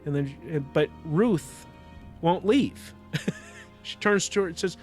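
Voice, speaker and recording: A man's voice: a little high, takes it slowly, long pauses, faint music behind. A man hosting a podcast, reflecting on a book in casual commentary with frequent restarts. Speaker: podcast host.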